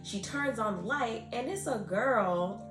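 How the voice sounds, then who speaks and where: Animated woman retelling a novel. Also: fairly high pitch, measured pace, roomy sound, over music. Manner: animated storytelling, acting out characters' lines. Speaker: book podcast co-host. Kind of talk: casual chat retelling a novel.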